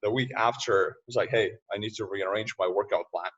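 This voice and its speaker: A man speaking as a podcast guest in casual interview talk, loose and quick to laugh, often restarting his sentences. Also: fairly low pitch, steady tone, a bit bright, husky. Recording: distant, muffled remote audio.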